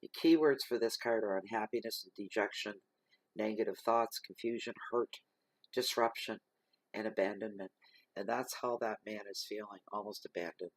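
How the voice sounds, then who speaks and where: A man giving a slow, reflective spoken tarot reading, reading card keywords aloud. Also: on the low side, dry recording. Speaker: tarot reader.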